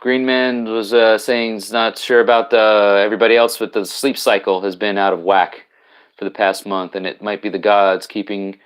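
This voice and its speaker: A man's voice: fairly low pitch, flat delivery, normal speed, smooth. A man with a New York accent hosting a live stream, chatting casually and answering viewer comments, rambling with many restarts. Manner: rambling, frequent restarts and repeated words.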